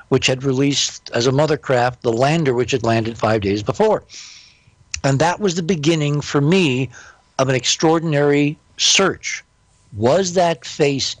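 An older man speaks as an interview guest, recounting events with emphatic, impassioned delivery. His voice sits at a middling pitch. The recording is close and dry, with no room sound. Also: dry recording. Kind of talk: storytelling in a podcast interview.

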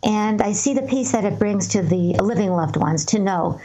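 A woman appearing as a guest medium answers interview questions and tells stories calmly, earnestly, and in a measured way, her voice mid-range.

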